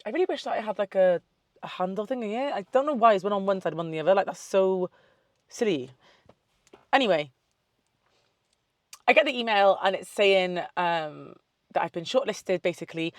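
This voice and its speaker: A woman's voice: medium pitch, animated, normal speed, pauses often, no room sound, clean studio sound. A young woman, chatting casually to camera, swearing freely and wandering off on tangents. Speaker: vlogger. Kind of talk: casual chat.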